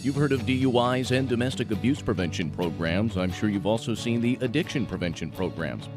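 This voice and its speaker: Guy doing a low smooth infomercial announcer voice, guitar music loud behind it. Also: expressive, brisk, natural voice. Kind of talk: infomercial voice-over.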